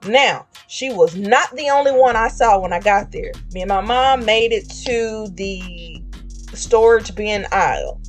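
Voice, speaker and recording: A woman's voice: mid-range voice, expressive, unhurried, faint music behind. Woman streamer telling a casual story. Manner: chatty, acts out voices with slang.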